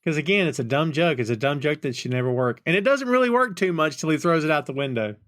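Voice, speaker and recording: A man's voice: a little high, animated, fast talker, fairly bright tone, no room sound, studio quality. A man hosting a podcast, chatting casually and retelling film scenes with laughter. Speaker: podcast host.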